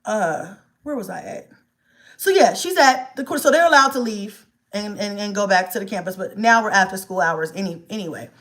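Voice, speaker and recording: A woman, casually telling a storytime vlog about her child. She talks in an animated, exasperated way, swears freely and acts out the dialogue. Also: mid-range voice. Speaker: vlogger, mother.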